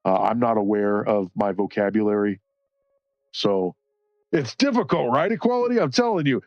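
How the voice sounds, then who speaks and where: A man's voice: on the low side, lively intonation, moderate pace, a little mellow, dry recording, dull audio. A man chatting casually on a live stream while coloring, rambling and cursing freely between short laughs.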